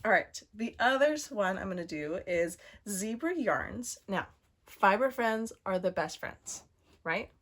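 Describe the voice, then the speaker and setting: A woman's voice: mid-range voice, expressive, a little slow, a bit bright. A woman hosting a knitting podcast, chatting casually and showing off yarn, with lots of fillers and asides. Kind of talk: casual show-and-tell chat.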